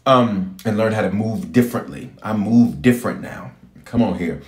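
A man's voice: fairly low pitch, normal speed, darkish tone, reverberant. A man preaching a fervent livestream sermon as a bishop, repeating lines and urging his listeners on.

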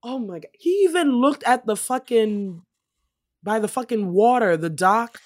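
A woman chatting casually, recapping a film in an animated way, swearing freely and acting out quotes. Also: a little high, measured pace, dry recording, studio quality.

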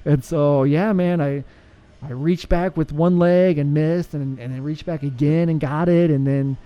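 A man's voice: fairly high pitch, steady tone, unhurried, dull audio. A man with a Texan accent, a firefighter guest, speaking earnestly in a casual interview and laughing often. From United States.

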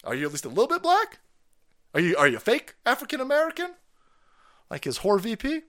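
A man's voice: very high voice, huge pitch swings, fairly quick, a bit bright. A man hosting a livestream, ranting about politics in a profane, mocking way and laughing often. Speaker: livestream host. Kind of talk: foul-mouthed political comedy rant.

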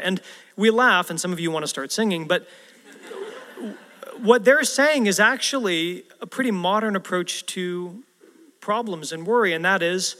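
A man's voice: high voice, measured pace, a bit bright. A male pastor preaching a sermon in a conversational way, putting rhetorical questions to the congregation. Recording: long reverb of a large hall.

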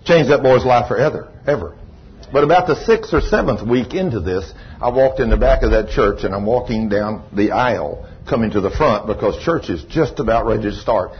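A man's voice: lowish voice, a little fast, lo-fi sound, slight background noise. A man preaching a sermon, telling stories with laughter and folksy phrasing. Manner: animated, laughing storyteller with folksy Southern phrasing. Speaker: pastor. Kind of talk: sermon storytelling.

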